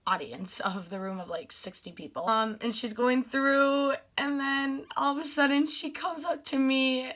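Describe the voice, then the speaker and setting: A young woman vlogger telling a story with gushing excitement, full of fillers. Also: high-pitched, unhurried, hardly any pauses. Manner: gushing, animated, many fillers like "like".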